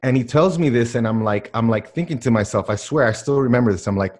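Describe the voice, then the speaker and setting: A man from the Miami area, a podcast guest telling a personal story in an animated, emphatic way, with lots of filler words. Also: mid-range voice, fast talker.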